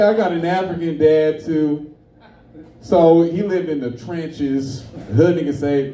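Brash stand-up guy cussing thru his stories, highish mellow voice, echoey club. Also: measured pace, far from the mic. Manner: brash, profane, storytelling. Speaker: stand-up comedian. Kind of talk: stand-up comedy set. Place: comedy club stage.

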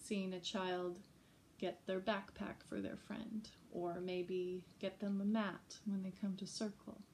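A woman music teacher talks other teachers and parents through classroom ideas in an easy, unhurried way. Her voice is mellow and soft-edged, and she speaks slowly and gently. Her delivery is informal and chatty, like a friendly workshop. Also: medium pitch, flat delivery, a little hiss or hum. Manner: gentle, chatty, breaks into short sung examples. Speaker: early childhood music educator.

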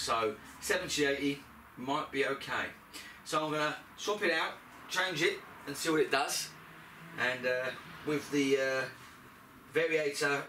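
Recorded from a distance in an echoey garage, with slight background noise and his voice off-mic, a man with a mid-range, pushed, bright voice talks viewers through a moped repair as he works. His chatty workshop commentary rambles along, sprinkled with asides to the audience.

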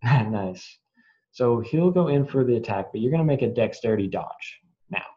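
A man's voice: mid-range voice, expressive, warm tone. A young man acting as game master for a tabletop game, talking casually and laughing as he makes up rules. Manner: casual, quick to laugh, improvising rules on the fly. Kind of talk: running a tabletop game over a video call. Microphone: video call. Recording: muffled video-call audio.

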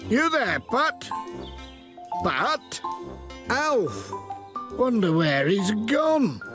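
A man's voice: high voice, sing-song, extremely slow, music in the background, pitched above the performer's own voice, full character voice. A man voicing a friendly farmer in a children's cartoon.

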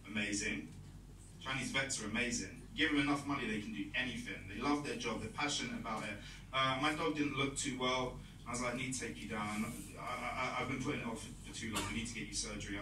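A young British man with a medium-pitched voice and British accent performs stand-up at a comedy club, rambling, mocking himself, and acting out bits of dialogue. The sound is roomy and distant, with a noisy background and audience laughter.

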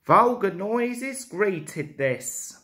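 A woman narrating a storybook in an expressive, measured way. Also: mid-range voice. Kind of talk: storybook reading. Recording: roomy echo.

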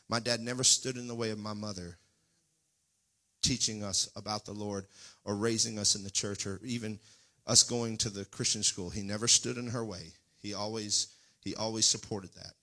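In a church sanctuary, a male pastor preaches a fervent Pentecostal sermon, speaking folksily and straight to the congregation, sometimes rising into near-singing cries. His voice is lowish with a sharp tone.

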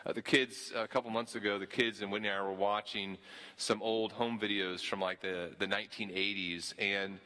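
A man's voice: on the low side, fairly even intonation, moderate pace, pushed and bright. A man from the Southern US preaching a sermon with a slight Southern accent, earnest and often repeating words as he restarts his phrases. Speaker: pastor.

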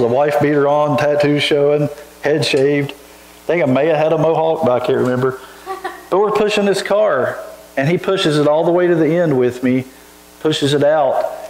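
A man, a pastor, telling a personal story in a sermon, animated and quick to laugh, with frequent restarts. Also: medium pitch. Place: church sanctuary. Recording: echoey church room.

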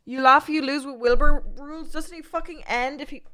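A woman's voice: high-pitched, fairly even intonation, fairly quick, pushed and bright. A young Irish woman streaming live, chatting bluntly to her viewers and swearing constantly. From Ireland. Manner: blunt, heavy swearing, rambling asides to chat. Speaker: livestreamer. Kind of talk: casual livestream chat.

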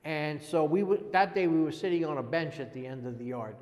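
A man in his sixties, an interviewee giving a halting, earnest personal testimony and often repeating words as he goes. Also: fairly high pitch, lively intonation. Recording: long echoey reverb.

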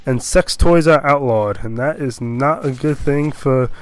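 A man's voice: mid-range voice, a little slow, no echo. A young man sounding a bit sick, chatting casually and jokily as an online commentator reading out odd laws, with lots of fillers and goofy asides. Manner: rambling and jokey, with many fillers and silly voices.

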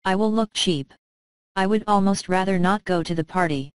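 A woman's voice: medium pitch, moderate pace, clean tone, dry recording, lightly acted. Woman reading a resentful young wife. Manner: resentful, plaintive. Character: discontented young wife longing for luxury. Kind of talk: storybook reading.

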